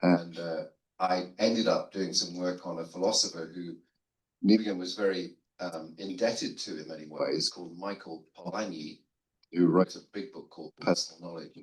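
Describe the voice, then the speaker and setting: An older man with a fairly low voice speaks on a seminary panel, rambling through stories with a self-deprecating, conversational manner. He restarts his sentences often. His voice carries a roomy echo. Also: steady tone, moderate pace. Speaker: guest theologian on a seminary panel. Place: seminary lunch room.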